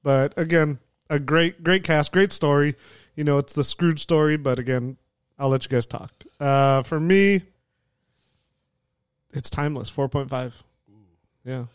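Guy on a podcast rambling about movies, kinda high voice, dry close mic. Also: unhurried, long pauses, smooth, dry recording. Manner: rambling, swears, laughs often. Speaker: podcast host. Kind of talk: casual movie review chat.

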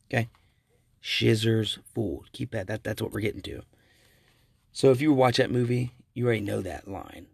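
A man's voice: medium pitch, a little fast, creaky, darkish tone, slightly rough, no echo, studio quality. A man hosting a casual solo podcast, rambling through stories with self-corrections and chuckles. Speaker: podcast host.

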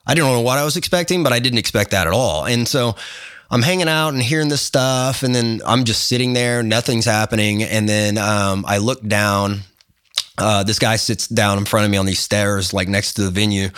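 Fairly low-pitched and smooth, this man speaks at a moderate pace in a clean, echo-free studio recording. As a guest photographer in a casual podcast interview, he tells a long, meandering tale with fillers and restarts, acting out everyone involved.

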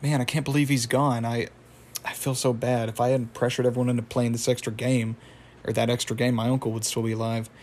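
Brief: guilt-ridden young cartoon guy, voiced by a man, earnest, even pitch. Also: brisk, lightly acted. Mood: upset.

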